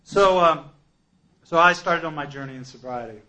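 A man's voice: on the high side, normal speed. A man telling his own recovery story to a group, acting out conversations with humor and self-mockery. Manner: animated storyteller, acts out dialogue, self-deprecating. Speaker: speaker sharing recovery story. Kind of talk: personal testimony talk.

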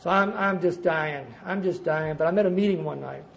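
An older man giving a personal recovery testimony at a conference, telling his story emphatically, jumping from loud bursts to quiet asides. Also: fairly high pitch, brisk, gravelly, rough recording. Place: conference gathering before a live audience.

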